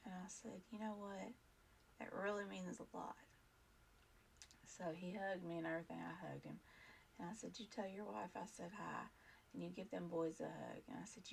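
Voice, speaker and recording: A woman's voice: lowish voice, steady tone, moderate pace, gravelly, pauses often, slight background noise. A woman vlog host telling a personal story in a casual, earnest, rambling way, full of fillers and restarts.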